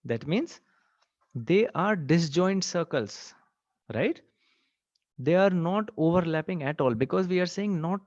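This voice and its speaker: Teaching exam prep in a live online class, a man keeps checking on his students and says "okay" and "right" again and again. His fairly high voice is animated yet a little slow, with long pauses and a slightly mellow quality. There's no echo, and the webcast audio sounds dry and slightly dull.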